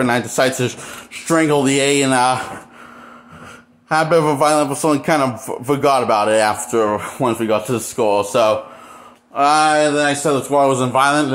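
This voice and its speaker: A man talking alone to camera in an unscripted monologue, halting and bitter, trailing off into pauses and then bursting out. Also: medium pitch, a bit bright. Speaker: vlogger.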